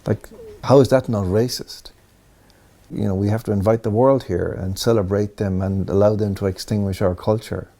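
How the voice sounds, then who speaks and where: A man speaks deliberately in a documentary interview. His low voice is gravelly, husky and dark. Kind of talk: conversation.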